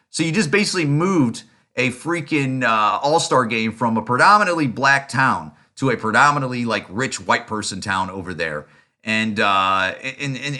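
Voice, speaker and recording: A man's voice: mid-range voice, bright, forceful tone. A man hosting his own podcast, giving a blunt, profane solo rant full of fillers, restarts and repeated rhetorical questions. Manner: rapid, rising rhetorical questions. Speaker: podcast host.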